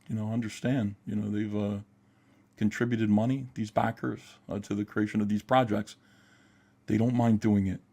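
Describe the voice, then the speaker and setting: A man's voice: fairly low pitch, dark tone. A man hosting a livestream, talking in a heated, profane, emphatic way while ranting and reading chat. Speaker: livestream host.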